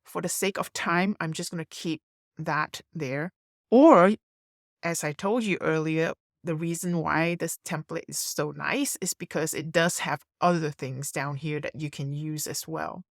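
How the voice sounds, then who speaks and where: Low-voiced woman doing a slow design tutorial, chill, thinking out loud. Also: dry recording, studio quality. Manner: relaxed, thinking aloud while clicking. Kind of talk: screen-recorded software tutorial.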